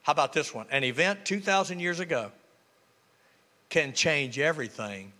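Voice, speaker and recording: A high, bright man's voice, swooping up and down as a pastor preaches and jokes with his congregation. His call-and-response sermon carries through a reverberant church hall. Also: sing-song, normal speed. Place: church sanctuary.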